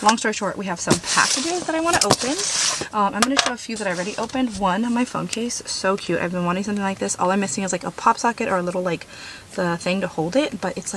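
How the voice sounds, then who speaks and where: A woman's voice: mid-range voice, fairly bright tone. Woman, casual vlog chat, bubbly, rambling, noisy background. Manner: bubbly, gushing, rambling with fillers. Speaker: van life vlogger. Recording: noisy handheld recording.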